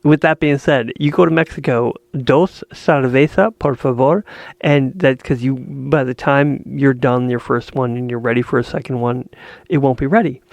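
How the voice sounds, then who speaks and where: A man's voice: mid-range voice, steady tone, normal speed, gravelly, dry recording. A Canadian man co-hosting a casual podcast chat over a call, telling stories with lots of laughter and quoted back-and-forth. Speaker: podcast co-host. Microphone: video call.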